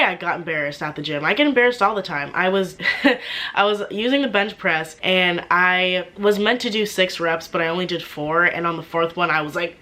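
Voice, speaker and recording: Young woman, 20s, slightly low voice, chatty vlog storytelling, filler-heavy. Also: a bit bright. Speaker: vlogger and singer. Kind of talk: casual vlog chat.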